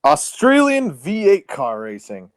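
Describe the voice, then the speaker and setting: A man co-hosting a podcast, telling stories with excitable, swinging emphasis in casual banter. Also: sits high, measured pace, no room sound. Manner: excitable storyteller with sudden swings in loudness. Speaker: podcast co-host.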